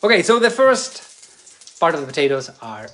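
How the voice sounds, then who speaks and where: A man's voice: a little high, very animated, fairly bright tone. Coughing man with a hesitant delivery. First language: Spanish. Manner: halting, searching for English words. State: lingering cough. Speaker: cooking video co-host. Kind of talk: casual cooking chat. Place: home kitchen.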